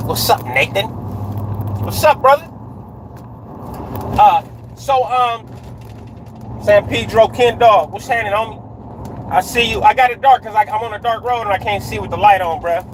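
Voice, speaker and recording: A man's voice: high-pitched, moderate pace, noisy background. A man livestreaming from his car at night, telling a story in street slang and checking in with viewers. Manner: street slang, frequent "right?" tags, greets viewers mid-story. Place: inside a car on a dark road at night.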